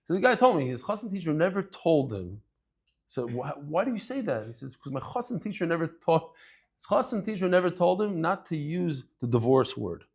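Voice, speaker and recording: A man giving a daily Talmud lecture, conversational and lively, acting out bits of dialogue as he explains with everyday examples. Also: a little high, slightly rough. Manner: lively, acts out dialogue in quick asides. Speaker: Talmud teacher.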